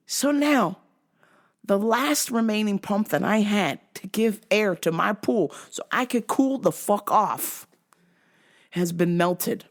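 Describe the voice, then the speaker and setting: A woman's voice: medium pitch, takes it slowly. A young adult woman telling a comic story as a vlogger, swearing freely and breaking into shrieking laughter. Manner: profane, animated, bursts into shrieking laughter. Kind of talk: comedic storytelling rant.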